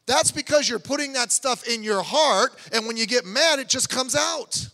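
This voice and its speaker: A man delivers a sermon in a church sanctuary, his voice pitched high and ringing bright. He preaches in a loose, conversational way, full of asides and restarts. A long reverb from the hall trails his words. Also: lively intonation, normal speed. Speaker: pastor.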